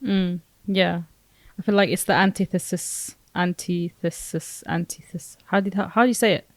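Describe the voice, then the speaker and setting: A woman co-hosting a podcast, chatting casually with quick back-and-forth and playful teasing. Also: mid-range voice, fairly even intonation, no room sound. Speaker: podcast co-host. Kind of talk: casual chat.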